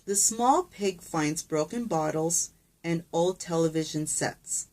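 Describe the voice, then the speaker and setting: A woman's voice: on the low side, slow pace, darkish tone. A woman teacher reading a picture book aloud to children, patient and encouraging, with asides to the kids.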